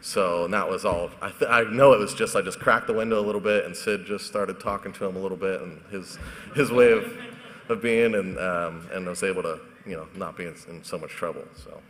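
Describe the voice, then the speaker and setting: A man's voice: deep voice, a little fast, a bit bright, slight background noise. A man on a conference panel telling a rambling, hesitant story full of fillers. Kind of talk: anecdotal storytelling on stage. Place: conference hall stage. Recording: echoey hall.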